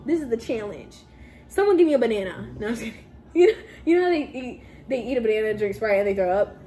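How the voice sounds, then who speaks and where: A woman's voice: fairly high pitch, big pitch swings, fast talker, warm tone. A young woman chatting to camera during a soda challenge, giggly and playful, talking to her viewers with lots of "y'all" and burping from too much soda. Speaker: vlogger doing a soda challenge. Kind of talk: casual chat to camera. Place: house, indoors.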